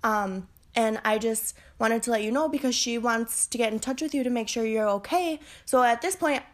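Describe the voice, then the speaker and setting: A woman's voice: on the high side, normal speed. A young woman, a hairstylist, hosting a podcast and telling a story in a chatty way with lots of "like" and "um". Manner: acts out quoted voices, sometimes whispering. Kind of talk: casual storytelling monologue.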